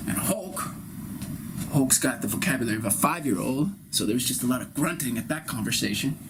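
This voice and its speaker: Rambling, profane man improvising over steady noise. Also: mid-range voice. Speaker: improv performer. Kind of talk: improvised comic monologue. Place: live-streamed solo performance.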